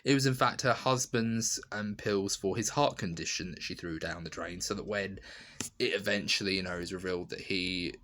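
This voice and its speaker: A man with a fairly low voice talks through a review in a loose, rambling way, leaning on filler words. He tells it with animated energy, breaking now and then into quick impressions. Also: a little hiss or hum. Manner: rambling, full of "you know" and "literally". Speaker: video reviewer. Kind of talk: casual spoken review.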